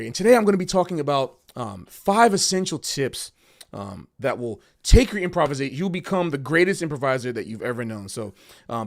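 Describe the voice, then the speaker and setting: A man doing a smooth, salesy online lesson host who sells hard and drops little ums between pitches. His voice sits a bit lower and slower than his usual talk, with plenty of swing in the pitch. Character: slick male YouTube music-lesson presenter, salesy.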